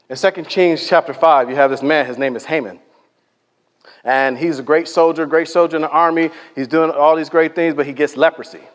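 A man preaching in a church, his fairly high voice carried by a long hall echo. He tells stories in a loose, conversational way and acts out the people he quotes. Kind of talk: sermon. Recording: echoey hall reverb.

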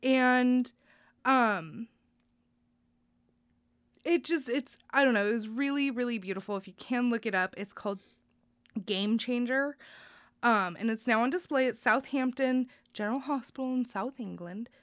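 A young adult woman co-hosting a podcast shares good news in a heartfelt, rambling casual chat full of fillers. Her fairly high, slightly bright voice moves at a measured pace with long pauses, and there's no echo.

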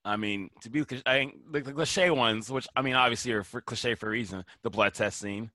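A man's voice: mid-range voice, brisk, no room sound. A man on a casual film podcast, animatedly retelling movie scenes and swearing casually. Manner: animated, acts out movie lines in quoted voices, swears casually.

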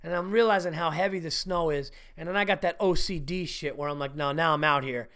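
A man's voice: on the high side, brisk, fairly bright tone. A middle-aged man hosting a podcast, telling profane, self-mocking stories in a rambling casual monologue. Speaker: podcast host.

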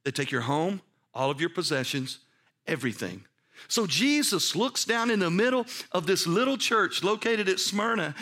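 A man's voice: sits high, expressive, normal speed, sharp tone. A man pastor giving a sermon to his congregation, emphatic and repetitive, putting questions straight to his listeners. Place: church service.

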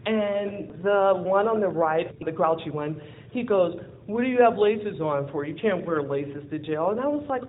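A woman telling a personal story in a lively way, acting out what people said and laughing often. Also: medium pitch, fairly quick. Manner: lively, acts out quoted dialogue, laughs often. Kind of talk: personal storytelling with a closing lesson. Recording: phone-like narrow sound with faint noise.

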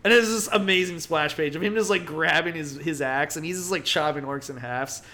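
A male podcast co-host retells a comic book story in a casual episode, speaking a little fast with a voice on the high side. His storytelling is animated, he acts out the quotes, and he leans heavily on "like" as filler.

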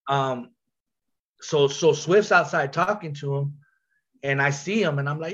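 Male guest, slightly high voice, slangy and animated storyteller, dull lo-fi recording. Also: a little slow, pauses often. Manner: slangy, animated, full of repeats and restarts. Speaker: podcast guest telling a story. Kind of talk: casual storytelling.

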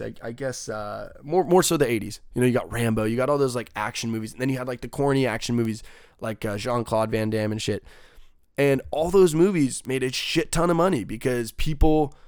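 A man's voice: mid-range voice, darkish tone, clean tone, no room sound, studio quality. A young man ranting casually and heatedly, swearing a lot and rambling from point to point. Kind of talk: casual podcast rant.

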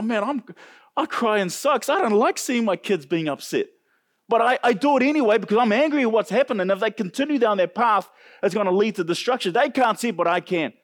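A New Zealand man preaching at a church service, his voice sitting high and bouncing all over the place. He jokes with the congregation and quizzes them as he goes, animated and warm-hearted. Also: breathy edge. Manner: animated, jokey, talks to congregation. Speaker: pastor. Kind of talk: sermon.

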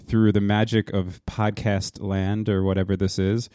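A man's voice: on the low side, level tone, dark tone, no room sound. A man in his thirties from New Jersey, co-hosting a podcast in a casual, rambling chat full of restarts, recorded in his parents' home music studio. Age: 30s. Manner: rambling, halting, laughs often. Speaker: podcast co-host. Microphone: podcast mic in a small home studio.

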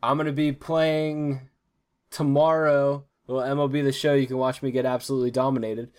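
A young man hosting a casual sports and gaming podcast, talking in an easygoing, relaxed way. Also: medium pitch, fairly quick. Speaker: podcast host.

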